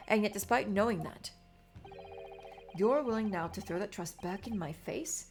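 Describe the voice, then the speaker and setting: A woman's voice: medium pitch, normal speed, soft background music, close to an everyday voice. A woman voicing a stern, earnest male lawyer mentor. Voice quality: firm, earnest.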